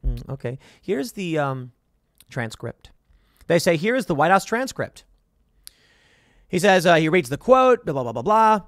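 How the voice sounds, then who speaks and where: Male commentator, emphatic and sarcastic, lively delivery in a dry, close recording. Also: fairly high pitch, a little slow, pauses often, no echo. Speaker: political commentator. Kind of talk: reading and reacting to headlines.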